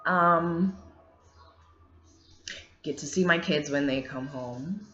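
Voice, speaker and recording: Woman, candid single-mom vlogger, emphatic and profane; bright tone, roomy echo. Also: low voice, slow. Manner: blunt, swears freely, emphatic. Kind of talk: candid casual monologue. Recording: echoey room, dull lo-fi sound, faint music.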